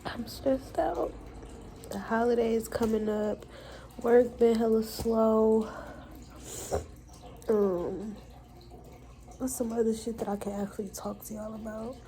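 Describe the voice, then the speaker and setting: A woman's voice: a little high, flat delivery, unhurried, long pauses, warm tone, rough recording. A young woman, venting frankly and with profanity in a personal vlog. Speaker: vlogger.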